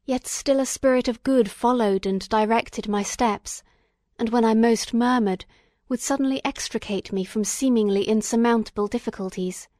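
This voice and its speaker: A woman reading a classic novel aloud as an audiobook, in a solemn, measured narration. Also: fairly high pitch, darkish tone, no echo, studio quality. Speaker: audiobook reader. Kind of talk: scripted narration.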